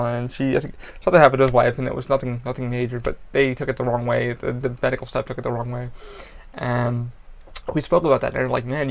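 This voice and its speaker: Blunt, gravelly-voiced man rambling candidly. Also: medium pitch. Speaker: podcast host. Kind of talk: casual personal monologue.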